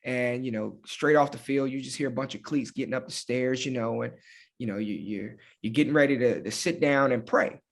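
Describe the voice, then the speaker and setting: A man's voice: medium pitch, fairly quick, gravelly. A man from Hampton, Virginia, a football coach, telling a story casually with frequent fillers. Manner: animated, laughing, with lots of fillers like "man" and "you know". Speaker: high school football coach, guest.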